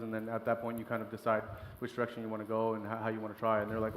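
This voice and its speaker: A man talks fast and chatty in a casual interview, tossing in little laughs. The room is roomy, with a long reverb tail and faint ambience behind him. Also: on the low side, monotone, slight background noise. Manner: quick, chatty, laughing asides. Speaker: chef.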